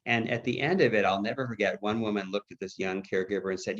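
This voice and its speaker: A man's voice: fairly low pitch, fast talker, a bit bright. A middle-aged man giving a dementia care training webinar in a conversational, anecdotal way, often acting out quoted dialogue. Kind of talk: webinar presentation. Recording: slightly dull webinar audio.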